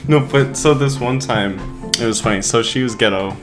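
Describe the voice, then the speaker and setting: A man's voice: medium pitch, moderate pace. A young man in casual chat as co-host, joking crudely and laughing often. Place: hot room. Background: guitar music.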